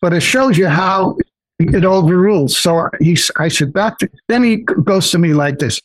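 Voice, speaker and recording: Older man, lively storyteller. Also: high-pitched, normal speed, no room sound, low-quality recording. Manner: animated, acts out quoted voices, many restarts. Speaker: guest investor. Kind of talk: personal storytelling in a podcast interview.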